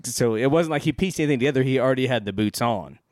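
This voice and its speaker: A man's voice: medium pitch, animated, quick pace, dry recording, clean studio sound. A man co-hosting a podcast, casually recapping a film in a rambling, profane way. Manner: rambling, profane, acts out lines from the movie. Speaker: podcast co-host. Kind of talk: casual movie discussion.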